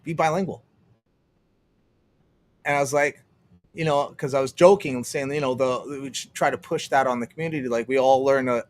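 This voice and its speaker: Slightly high and a bit bright, this young Canadian streamer's voice carries a loose, rambling livestream chat. He curses frequently and tends to trail off mid-thought and start sentences over.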